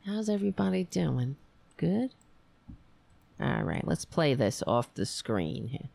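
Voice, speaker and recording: A woman hosting a political livestream, hoarse and raspy after a long show, reading headlines and commenting in a wry, meandering way. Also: low-pitched, very animated, slow pace, dark tone. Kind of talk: casual opinionated commentary.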